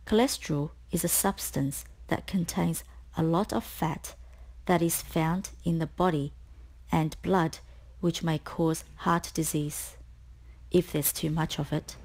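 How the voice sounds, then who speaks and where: A woman tutor reading a scripted spelling lesson, explaining each word slowly and clearly. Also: deep voice, steady tone, darkish tone. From Australia. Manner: slow, clear, deliberate explanations.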